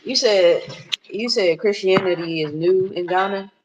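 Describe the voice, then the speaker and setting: A woman explaining her view in a measured way as a panelist in a casual discussion. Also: medium pitch, lo-fi sound.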